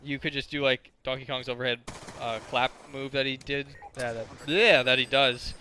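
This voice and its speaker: A man's voice: medium pitch, steady tone, normal speed, sharp tone, a little hiss or hum. A man in his twenties telling crude, rambling stories as casual gameplay commentary, full of filler words. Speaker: gaming commentator.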